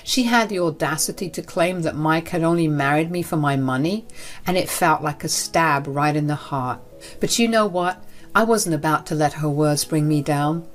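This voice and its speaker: Low-voiced woman narrating a dramatic story. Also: moderate pace, soft background music. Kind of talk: scripted first-person story narration.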